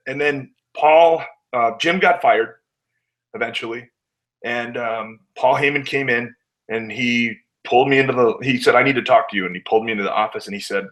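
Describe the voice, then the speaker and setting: A man's voice: medium pitch, moderate pace, fairly bright tone, poor audio. A man, a wrestler guest, telling candid stories in a casual interview, acting out what others said and swearing now and then.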